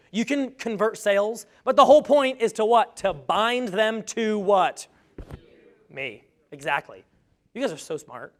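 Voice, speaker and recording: A man with a fairly high voice giving an energetic talk to a live audience. He jokes often and pokes fun at himself as he makes his points. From grew up on a farm. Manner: energetic, joking, self-deprecating. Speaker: speaker on webinar marketing.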